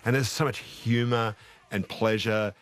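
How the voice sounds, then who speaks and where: A man's voice: on the low side, fairly even intonation, measured pace, fairly bright tone. An Australian man interviewing a guest, asking enthusiastic, probing questions in a conversational style.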